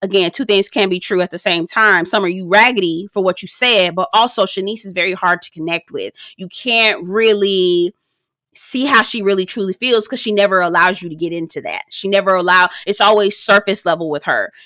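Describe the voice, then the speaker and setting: A woman, sassy and animated, recapping a reality show in a casual vlog, swearing freely. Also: fairly quick, no room sound, studio quality. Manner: sassy, animated, swears freely, slips into high-pitched impressions.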